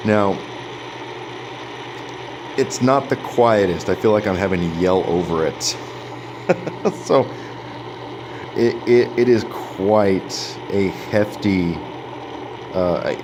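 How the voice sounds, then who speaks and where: Low-voiced man for a relaxed gadget review vlog, rambly, stops and restarts a lot, quick to chuckle. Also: noisy background. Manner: rambling, full of fillers and restarts, chuckles often. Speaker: product reviewer.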